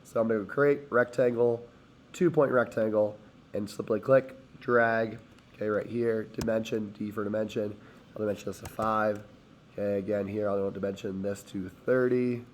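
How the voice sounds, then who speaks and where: A hoarse man teaching, talking step by step through a screen-recorded CAD tutorial as he clicks. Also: fairly low pitch, steady tone, normal speed, slight background noise. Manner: step-by-step, talks while clicking.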